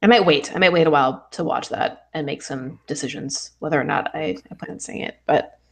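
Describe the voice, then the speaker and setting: A woman co-hosts a casual podcast with a fairly low voice. She speaks in an easygoing way, pausing and restarting her sentences. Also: vocal fry. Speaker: podcast co-host.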